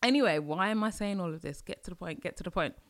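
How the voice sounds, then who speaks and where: A woman from London with a London accent, hosting a casual solo podcast, chatty and animated with sudden exclamations. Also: fairly low pitch, fast. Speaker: podcast host.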